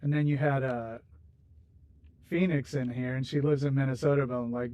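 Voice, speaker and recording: A man's voice: mid-range voice, steady tone, normal speed, mellow, no echo, highs cut off. A man hosting a game livestream, chatting casually and rambling with viewers while he builds, laughing easily. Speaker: livestream host.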